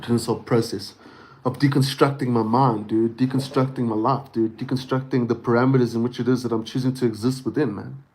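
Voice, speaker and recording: Expressive ranting man on a livestream. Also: mid-range voice, brisk. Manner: expressive, swearing, peppered with "dude" and "bro". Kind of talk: casual ranting monologue.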